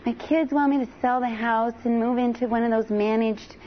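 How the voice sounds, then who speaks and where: A woman voicing a shy, wistful seventy-five-year-old widow, soft and hesitant. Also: on the high side, fairly even intonation, moderate pace, dull audio, a little hiss or hum, natural voice. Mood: musing.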